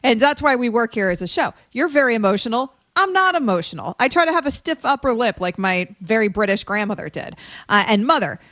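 A woman in her thirties co-hosting a sports talk show, chatting casually in an emphatic, animated way. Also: on the high side, fairly quick, dry recording, clean studio sound. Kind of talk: casual studio chat.

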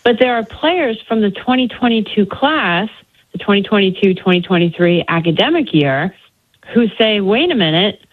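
A woman's voice: mid-range voice, lively intonation, normal speed. Woman reporting over a tinny phone line. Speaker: sports reporter.

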